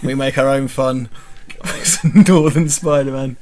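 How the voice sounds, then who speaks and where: A man's voice: mid-range voice, steady tone, takes it slowly, a little mellow. A man hosting a casual gaming commentary, joking and swearing through rambling banter. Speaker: host.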